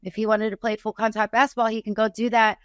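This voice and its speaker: A woman's voice: a little high, little pitch movement, fast, no room sound. Playful woman co-host, dry close sound. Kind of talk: casual sports talk.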